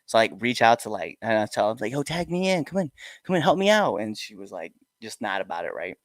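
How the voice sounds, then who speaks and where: A middle-aged man hosting a wrestling podcast, telling stories in a relaxed chat and acting out the voices of the people in them. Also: fairly low pitch, fast talker, dry recording. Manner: animated storyteller, acts out quoted voices. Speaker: podcast host. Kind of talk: casual interview chat.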